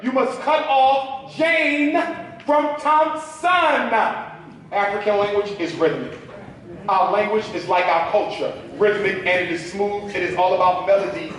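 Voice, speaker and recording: A man's voice: high voice, unhurried, a bit bright, recorded from a distance. A man giving a talk to a live audience, preacherly, drawing call-and-response from the crowd. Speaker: speaker at a public talk. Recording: echoey hall, mic from afar.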